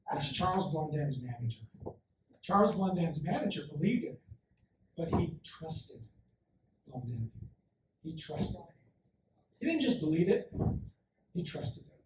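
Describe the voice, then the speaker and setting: Guy giving a keynote, kinda high voice, acts out the quotes, big echoey hall, mic a bit far off. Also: background noise. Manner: animated storyteller, acts out quotes. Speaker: conference speaker. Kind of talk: motivational keynote talk.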